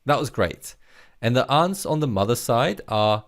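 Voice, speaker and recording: A man teaching a Korean vocabulary lesson, speaking slowly and clearly and leading listen-and-repeat drills in an encouraging way. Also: mid-range voice, very animated.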